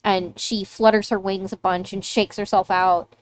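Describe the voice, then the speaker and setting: A woman's voice: mid-range voice, level tone, moderate pace, slight background noise. Woman gm narrating a tabletop game, chatty, lots of likes. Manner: casual, lots of "like" fillers. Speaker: game master.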